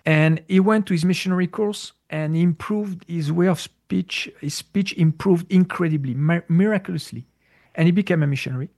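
A man answering a listener's question in a casual talk, halting and searching for words with many restarts. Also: fairly high pitch, a little mellow. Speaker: spiritual teacher answering questions. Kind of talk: casual spoken Q&A.

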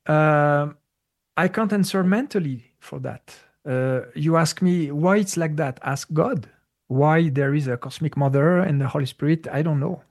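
Interviewee, male, gravelly voice pitched a bit high, halting storyteller with many fillers. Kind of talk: casual spiritual storytelling.

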